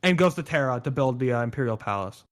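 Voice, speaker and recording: A man in casual chat, excitedly explaining game lore, swearing and going on tangents. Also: mid-range voice, quick pace.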